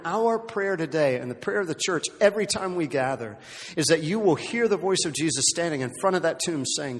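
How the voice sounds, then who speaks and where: A male pastor delivering a sermon in a church sanctuary, his voice carrying a long reverb through the hall. He builds to loud, emphatic peaks and then sinks to hushed, almost whispered lines. Between those swings he talks in a conversational way, with frequent restarts and asides. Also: on the high side, lively intonation, fairly quick.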